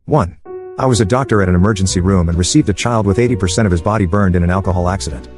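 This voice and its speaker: A man reading storytime narration in a steady, even manner. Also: low voice, rapid-fire, faint music behind.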